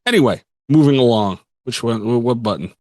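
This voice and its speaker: A man hosting a podcast in casual banter, animated and teasing, quick to laugh. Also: medium pitch, dry recording, studio quality. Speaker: podcast host.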